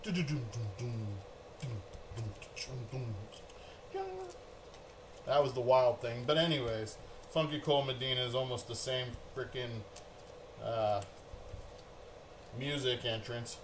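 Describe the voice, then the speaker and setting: A man's voice: mid-range voice, fairly even intonation, measured pace, long pauses, noisy background. A middle-aged man hosting a live card break, chatting in a rambling, upbeat way.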